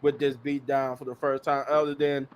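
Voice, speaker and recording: Animated laughing man recapping. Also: medium pitch, moderate pace, highs cut off, slight background noise. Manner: animated storyteller, laughs easily. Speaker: podcast co-host. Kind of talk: casual wrestling recap.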